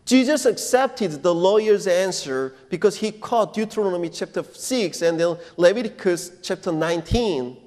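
A male pastor giving a sermon in non-native English phrasing, preaching deliberately and emphatically and putting questions to his congregation. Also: sits high, expressive, darkish tone. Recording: long reverb of a church hall.

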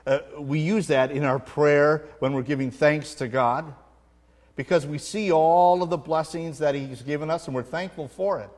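A man's voice: on the high side, normal speed, darkish tone. Man preaching in a long-echo hall. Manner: earnest preaching with an anecdote, rising for emphasis. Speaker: pastor. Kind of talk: sermon.

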